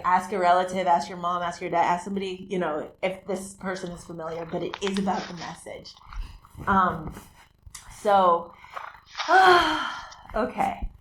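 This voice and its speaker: A woman hosting a talk show, giving a live psychic medium reading in a halting, rambling way with many restarts. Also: lowish voice, slight background noise. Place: community TV studio. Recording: roomy, echoey room sound.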